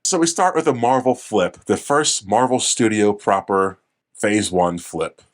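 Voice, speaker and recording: A man's voice: lowish voice, a little slow. A young man co-hosting a casual movie review podcast, rambling, swearing and correcting himself as he recaps scenes. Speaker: podcast co-host.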